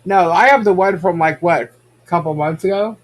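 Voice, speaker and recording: Guy podcast host, fairly high voice, gossipy casual chatter, answering chat. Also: moderate pace, slight background noise. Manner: chatty, reacting to viewer comments.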